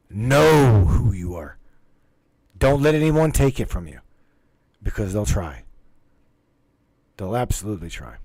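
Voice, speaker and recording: The host of a spiritual livestream addresses his live chat casually, going on and on with repetitive, emphatic remarks and frequent swearing. His voice is on the low side with a warm tone, and there is no echo.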